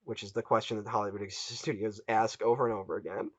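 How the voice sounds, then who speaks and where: A man's voice: lowish voice, fast, husky, no echo. A man hosting a casual film podcast, telling the story with energy and briefly acting out the people he quotes. The recording is dry, with a slightly dull tone. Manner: animated retelling, acts out quoted voices. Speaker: podcast host.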